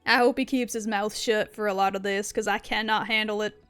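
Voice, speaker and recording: A woman's voice: medium pitch, fairly even intonation, brisk, a bit bright, smooth, faint music behind. A young woman streaming a game, chatting casually and reading dialogue aloud, laughing often and swearing playfully. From not American.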